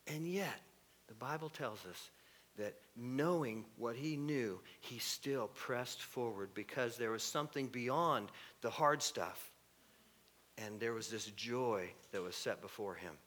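A middle-aged man preaching a sermon, animated and shifting into mocking voices with sudden loud bursts. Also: medium pitch. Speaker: pastor.

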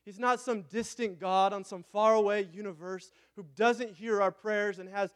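Young guy pastor, high voice, storytelling sermon that gets fired up. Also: steady tone, normal speed. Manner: storytelling, rising to fervent preaching.

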